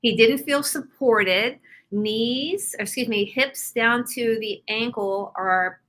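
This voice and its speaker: Brief: interview guest, woman healer, bright forward tone, animated storyteller. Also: a little high, slow, poor audio. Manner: animated storyteller, explains with examples. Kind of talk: casual interview talk.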